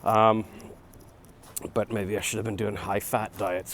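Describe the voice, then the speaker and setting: A man's voice: lowish voice, flat delivery, measured pace, fairly bright tone. A man in his forties rambling casually into his phone while jogging along a city street, with chatty, self-deprecating asides. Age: 40s. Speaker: vlogger. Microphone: phone camera held while jogging. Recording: faint street noise outdoors.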